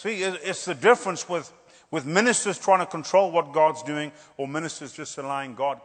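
A man preaching a revival sermon, animated and joking, repeating phrases for emphasis. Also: fairly high pitch, a little fast, in a large hall.

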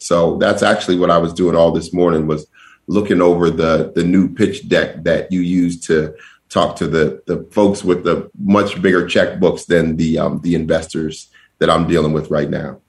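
A man from Denver, a guest comedian, telling a lively story in a chat before a live audience and acting out the voices in his quotes. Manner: animated storyteller, acts out quotes with big pitch jumps.

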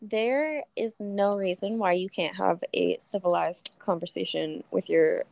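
A woman's voice: fairly low pitch, a little slow, gravelly, crowd noise. A woman co-hosting a podcast, reacting eagerly as her friend tells a story in casual chat. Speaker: podcast co-host.

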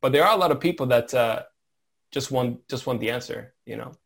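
A man working in IT, speaking as a guest in a thoughtful, halting way while reflecting on his work. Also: mid-range voice, gravelly, breathy edge. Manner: thoughtful, halting, searches for words. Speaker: IT professional, guest. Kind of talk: reflective conversation.

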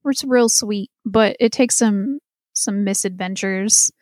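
A woman's voice: mid-range voice, slow pace, dry recording, studio quality. Chatty woman laughing through a recap. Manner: chatty and animated, laughs a lot. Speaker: podcast co-host. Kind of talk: casual chat recapping a TV episode.

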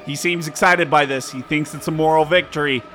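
A man running an improvised horror game as game master, narrating with teasing drama and sudden jumps in pitch. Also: steady tone, a little fast, pushed and bright.

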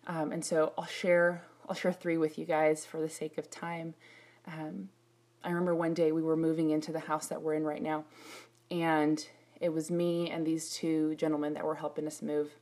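A middle-aged woman with a low-pitched voice preaches at a normal speed, animatedly telling personal stories and acting out her own prayers.

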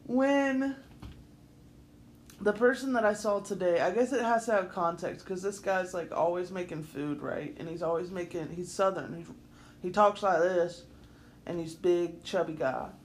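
A woman co-hosting a casual podcast chat, delivering her stories in a dry, deadpan tone and breaking into laughter now and then. A faint hiss of noise sits under her voice. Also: fairly low pitch, moderate pace. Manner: wry, deadpan storytelling with laughing asides. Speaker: podcast co-host.

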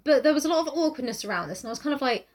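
A woman co-hosts a podcast in a loose, casual chat. Her voice sits fairly high, and she swears freely and slips into characters' lines as she recaps the story. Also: expressive, very fast. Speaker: podcast co-host.

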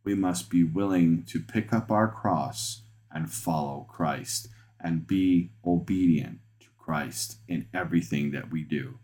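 A man who is a pastor and podcast host, preaching a sermon in an earnest way, restarting phrases and growing excited when he presses a point. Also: sits low, unhurried.

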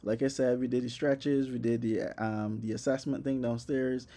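Young guy ranting about a brutal workout, cussing, super animated, warm mellow voice. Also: mid-range voice, moderate pace. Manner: animated and profane, acting out reactions. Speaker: vlogger. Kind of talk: comedic personal storytelling.

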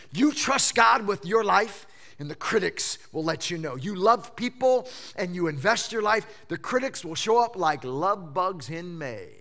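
A fifty-something man delivers a sermon in a bright, fairly high voice. His delivery is highly animated, dropping to hushed asides and then climbing to loud emphatic peaks. He stammers and repeats words when he presses a point. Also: gravelly. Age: 50s. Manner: animated preaching, swinging from hushed lows to loud exclamations. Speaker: pastor.

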